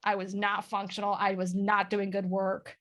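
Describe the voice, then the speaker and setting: A woman talking candidly as a guest on a video call, self-mocking and quick to laugh. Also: mid-range voice, completely flat delivery. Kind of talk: casual chat on a video call.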